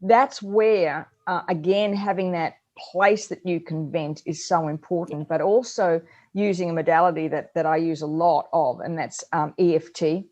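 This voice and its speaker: A middle-aged woman, co-hosting a parenting advice chat and telling stories in an animated way. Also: lowish voice, moderate pace, highs cut off. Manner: animated storyteller, acts out her own yelling. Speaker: co-host.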